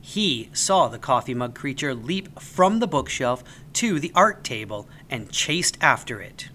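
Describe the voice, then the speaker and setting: A man reading a children's story aloud as the storyteller, with an expressive, animated delivery. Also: mid-range voice, unhurried, slight background noise.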